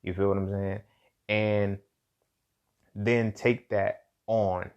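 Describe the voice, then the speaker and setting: A man with a low, gravelly voice talks through his ideas on his own show. He speaks in loose, slangy phrases and keeps asking whether the listener follows him. His tone stays flat, and he often circles back over his own words. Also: slow, muffled recording. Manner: casual, slangy, frequent "you feel what I'm saying"; repeats words and restarts while thinking aloud. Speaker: podcast host. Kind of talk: solo commentary monologue.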